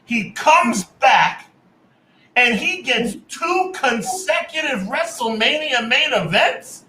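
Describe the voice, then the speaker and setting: A man with a very high, bright voice rants on a podcast, whipping up mock outrage and hammering the same lines again and again. His voice swings widely up and down. It rings out in an echoey room. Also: animated, takes it slowly, a little hiss or hum. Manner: exaggerated mock outrage, repeating lines, shouting. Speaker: podcast co-host. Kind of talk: heated wrestling podcast rant.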